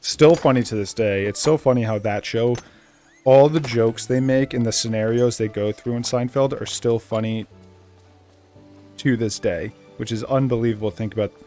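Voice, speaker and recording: A young man with a Boston accent, rambling casually as he hosts a game let's play and bursting into excitement now and then. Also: fairly low pitch. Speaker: gaming channel host.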